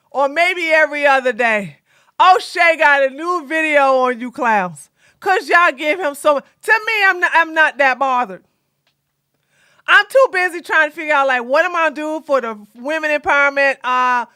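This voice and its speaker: A woman doing drama commentary in a loud, animated, sassy way, often laughing and shouting. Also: sits high, normal speed, no room sound, clean studio sound.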